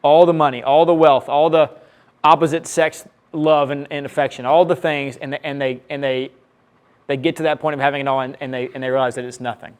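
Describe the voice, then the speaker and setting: Earnest pastor preaching, slightly high voice. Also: male voice, steady tone, fairly quick, smooth. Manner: earnest teaching with scripture readings and asides; repeats key phrases for emphasis. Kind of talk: sermon.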